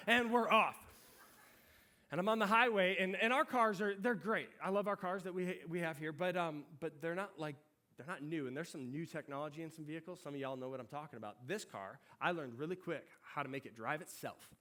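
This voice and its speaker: Bright, lively man preaching a sermon. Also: fairly high pitch, brisk. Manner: storytelling, animated and conversational. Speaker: pastor.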